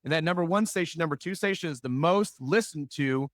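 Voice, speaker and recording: A middle-aged man giving a business talk in a slightly high voice. He fires off rhetorical questions and acts out the people in his stories. The sound is dry and close, with no room echo. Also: brisk, a bit bright. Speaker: business speaker. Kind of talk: animated storytelling talk.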